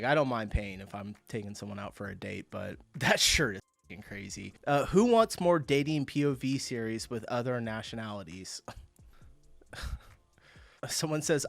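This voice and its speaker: A man's voice: medium pitch, gravelly, no room sound. Chatty, amused young man. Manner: laughs often, chatty and amused. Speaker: reaction video host. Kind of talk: casual reaction commentary.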